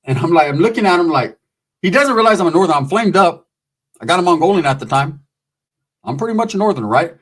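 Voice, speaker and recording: Guy from telling a wild story, cussing a lot, kinda high voice. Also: fast talker. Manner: animated, profane, slangy. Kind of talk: comic street storytelling.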